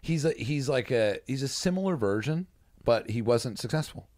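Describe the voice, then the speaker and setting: A man's voice: medium pitch, animated, moderate pace, a little mellow, no room sound, studio quality. A man hosting a podcast, asking rambling questions full of fillers. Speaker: podcast host. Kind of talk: casual podcast interview.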